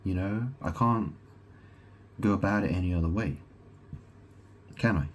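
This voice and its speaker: Low-voiced man, rambling profane monologue, halting restarts, rhetorical questions; faint noise underneath. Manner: repeats himself, halting restarts. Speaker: self-proclaimed god vlogger.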